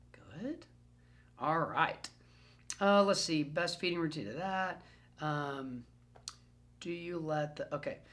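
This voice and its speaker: A man who trains dogs, answering questions in a recorded group session in an animated, playful way and repeating phrases for emphasis. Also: fairly high pitch. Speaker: dog trainer. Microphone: self-recorded camera.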